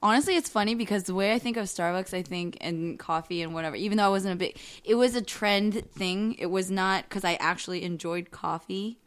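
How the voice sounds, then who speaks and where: A woman's voice: mid-range voice, a little fast, few pauses. A woman from the Bay Area in casual chat, with wry quips. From San Francisco Bay Area.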